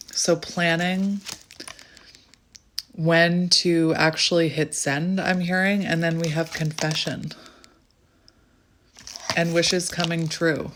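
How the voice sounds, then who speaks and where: A woman giving a channelled tarot reading in a chatty way, often breaking into excited exclamations. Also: sits low, a little hiss or hum. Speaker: tarot reader.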